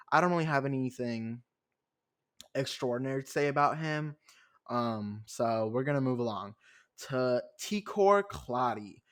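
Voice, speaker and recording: A man's voice: a little high, fairly bright tone. A young man hosting a podcast who recaps a reality show alone in a chatty, sarcastic way, full of fillers. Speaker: podcast host. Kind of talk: casual solo recap.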